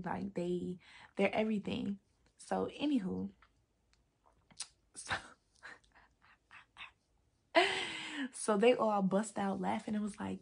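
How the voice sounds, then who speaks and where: A young adult woman telling a casual storytime vlog from her desk at home, animated and slangy, laughing often. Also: medium pitch, vocal fry, husky. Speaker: vlogger.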